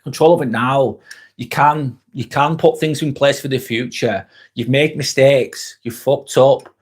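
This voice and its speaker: A man with a mid-range, slightly breathy voice speaks at a measured pace in a steady tone. He's hosting a live motivational vlog, snacking as he reads viewer comments and chats with them bluntly and casually, swearing freely and repeating his points for emphasis.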